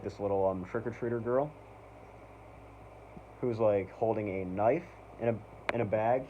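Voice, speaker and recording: A man's voice: lowish voice, mellow, a little hiss or hum. A man hosting a casual review vlog, rambling with lots of "like" and "um" as an eager fan. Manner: rambling, full of "like", "um" and "basically"; enthusiastic fan. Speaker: channel host. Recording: dull lo-fi recording.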